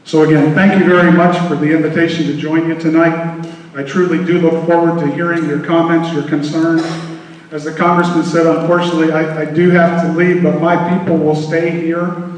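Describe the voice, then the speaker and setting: A man, a Coast Guard officer, giving an earnest, measured speech to a public meeting. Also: on the high side, flat delivery. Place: large hall at a public meeting. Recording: echoey hall from far off.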